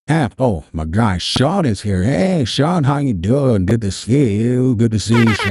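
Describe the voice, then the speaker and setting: A man hosting a live tutorial stream through a deepening voice filter, talking in an emphatic, motivational way. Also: lively intonation, a little slow, few pauses, a little mellow, slightly rough, no echo, studio quality. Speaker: host. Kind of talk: casual livestream tutorial intro.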